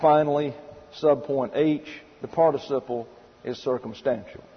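A preacher with a mid-range, slightly rough voice speaks at a moderate pace, delivering methodical Bible teaching in a sermon structured around numbered subpoints. He uses emphatic rhetorical questions, and long hall reverb muffles the recording.

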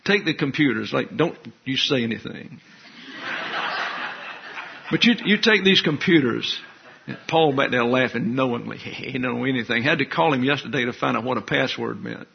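A man's voice: medium pitch, normal speed, creaky, husky, dull audio. An older man preaching a sermon, folksy and teasing, with asides to the congregation. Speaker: pastor.

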